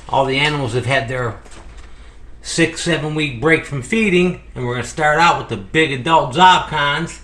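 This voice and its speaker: A man's voice: fairly high pitch, normal speed, bright, forceful tone, roomy sound. A man, rambling casually as he hosts a tour of his venomous snakes. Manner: chatty, rambling, frequent "um" and "let me tell you". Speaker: venomous snake keeper and channel host. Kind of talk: casual animal-room tour with commentary. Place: indoor snake room.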